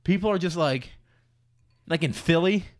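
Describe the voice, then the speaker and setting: A young man co-hosting a podcast, trading loose, profane banter that now and then bursts into animated storytelling. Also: a little high, normal speed, no echo, studio quality. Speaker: podcast co-host. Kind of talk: casual chat.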